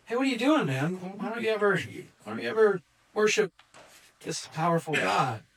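A man's voice: a little high, animated, brisk, a bit bright, low-quality recording. A man voicing an incredulous, demanding ancient king while retelling a story, exclaiming in a raised voice.

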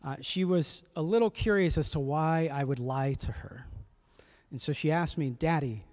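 A man's voice: a little high, normal speed, darkish tone. A man in his thirties, a pastor telling a family story in a conversational sermon, often checking in with his listeners.

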